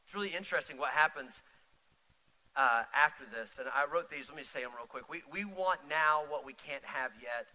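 A middle-aged male pastor preaching a sermon, swinging from loud, urgent pleading to soft, intimate storytelling. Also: on the high side, moderate pace, poor audio.

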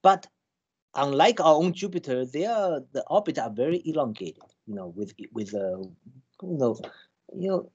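Halting man explaining with many restarts. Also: on the high side, lively intonation, a little mellow, slightly rough, dull audio. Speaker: scientist guest. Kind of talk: conversational explanation.

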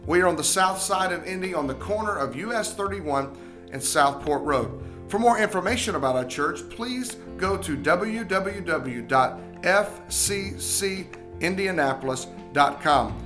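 A man reading a scripted church podcast outro in a steady, upbeat way. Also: high voice, a little slow, over music. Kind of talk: scripted announcement.

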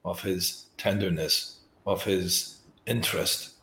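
A male host, speaking slowly and softly as he reflects emotionally on what his guest shared. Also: low voice, fairly even intonation, vocal fry, reverberant, a little hiss or hum. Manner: slow, soft and emotionally reflective. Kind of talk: reflective interview talk.

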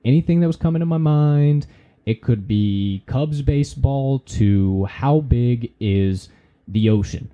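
Dark-voiced man giving a folksy pep talk. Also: medium pitch, unhurried, lo-fi sound. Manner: folksy, preachy, swears casually. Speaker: podcast host. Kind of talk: casual motivational talk.

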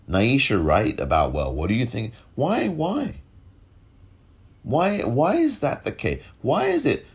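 A man with a fairly low, husky voice hosts a solo podcast commentary. He sounds impassioned and rhetorical, repeating phrases for emphasis and building up to pointed questions.

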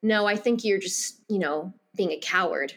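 A woman putting on a brusque teenage boy while retelling a book scene in casual chat, in a gruff, dismissive, lowered voice. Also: normal speed, fairly bright tone. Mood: blunt. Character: brusque blunt teenage boy, male love interest.

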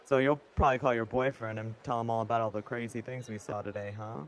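A man acting in a comedy sketch, eager, flattering and awkward. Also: mid-range voice, fast talker. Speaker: sketch actor.

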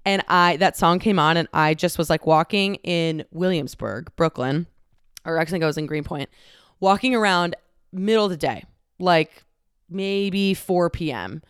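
A woman's voice: fairly low pitch, normal speed, smooth, dry recording, studio quality. A woman in her twenties from the Dallas-Fort Worth area, hosting a casual solo podcast and talking candidly with lots of "like" fillers and some swearing. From Dallas-Fort Worth area, Texas. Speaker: podcast host. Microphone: close studio microphone.

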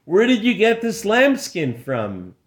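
A man's voice: high-pitched, huge pitch swings, slow, pitched above the performer's own voice, full character voice. A man voicing an angry, commanding lord of a castle in a spoken story. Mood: demanding. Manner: commanding, scornful.

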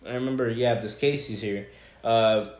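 A man's voice: medium pitch, fairly even intonation, normal speed, darkish tone. A young man co-hosting a podcast, telling rambling stories and swearing a lot in casual chat. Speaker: podcast co-host. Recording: echoey room.

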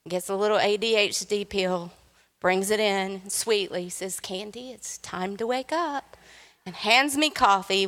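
A woman's voice: medium pitch, a bit bright. A woman guest preacher giving a sermon in a church, playful and joking with the congregation. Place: church sanctuary. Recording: long hall reverb.

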